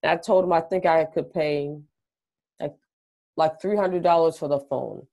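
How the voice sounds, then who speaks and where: A woman's voice: low-pitched, steady tone, moderate pace, gravelly, dark tone. A woman on a coaching call, earnest and agreeable, often answering in short replies. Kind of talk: casual chat on a call.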